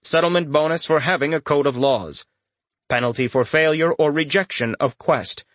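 A man reading a fantasy audiobook aloud in a steady storytelling voice, lifting his pitch for dramatic lines. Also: moderate pace, dry recording. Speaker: audiobook narrator. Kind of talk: scripted fantasy audiobook narration.

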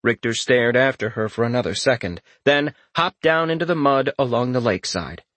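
A man narrating a fantasy novel in a steady, wry storytelling manner. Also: medium pitch, moderate pace, no echo. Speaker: audiobook narrator.

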